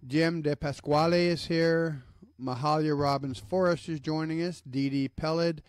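A man's voice: on the high side, fairly even intonation, unhurried. A man with a Southern US accent hosting a live online book reading, chatty and upbeat, greeting viewers by name. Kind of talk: casual live-stream talk.

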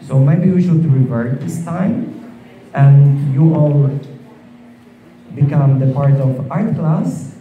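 Hoarse man in an echoey hall. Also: fairly high pitch, dark tone, highs cut off, slight background noise. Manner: halting, with many fillers and restarts. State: losing his voice. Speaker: art instructor. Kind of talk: opening speech at an art show. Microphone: far room mic. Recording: echoey hall from far off, crowd. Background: chattering crowd.

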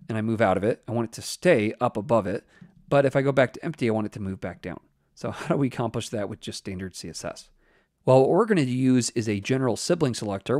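A man explaining web code step by step in a relaxed screen-recorded tutorial, thinking aloud as he types. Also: medium pitch, no echo, studio quality. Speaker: web development instructor.

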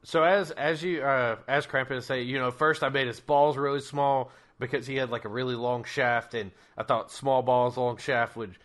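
Bright-voiced man running a tabletop game. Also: medium pitch, steady tone, moderate pace, hardly any pauses. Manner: rambling, laughing, crude joking. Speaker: game master.

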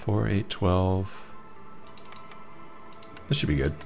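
A man with a low, slow, creaky voice and a darkish tone commentates casually on a strategy game he's playing. He mutters to himself in a wry, self-mocking way, let's-play style, while faint game music and keyboard typing sound in the background.

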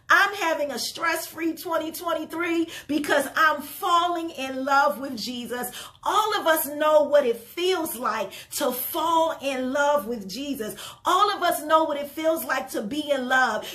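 Brief: woman preacher, very high bright voice, folksy and fervent, builds to shouts. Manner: fervent, swelling into shouts and tearful emphasis; folksy, talks straight to listeners. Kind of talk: sermon.

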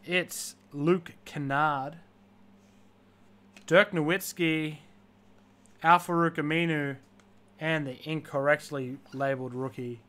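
A man's voice: a little high, fairly bright tone. A man hosting a live card-breaking stream, listing player names one after another and dropping joking asides.

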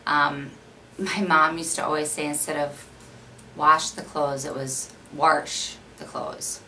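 Low-voiced woman vlogger with a Minnesota accent, rambling casual chat, faint background hiss. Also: steady tone, a little slow, sharp tone, recorded from a distance, poor audio. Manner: chatty, rambling, many fillers. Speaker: beauty vlogger.

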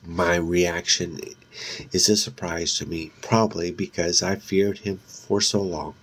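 A man reading a novel aloud as narrator, in a measured, steady way with occasional slips. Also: low voice, breathy edge. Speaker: audiobook narrator.

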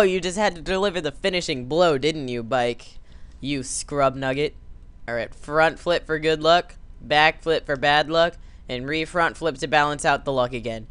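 A man's voice: a little high, normal speed, a bit bright, smooth, dry recording. A man giving goofy, jokey commentary while playing a game, sometimes acting out a scolding dad. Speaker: let's play commentator. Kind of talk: casual gameplay commentary.

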